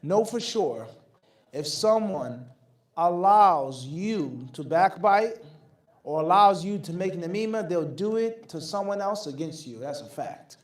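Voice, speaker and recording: Male scholar fielding questions, firm and emphatic, higher voice, recorded at a distance. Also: lively intonation, measured pace. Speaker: Islamic scholar answering questions. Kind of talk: lecture Q&A. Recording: echoey room, mic at a distance.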